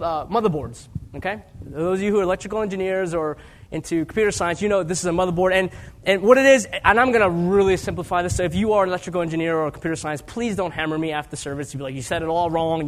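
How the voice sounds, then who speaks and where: A man around forty giving a sermon as guest preacher, telling stories with self-deprecating humor and swinging between hushed asides and raised emphasis. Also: high-pitched.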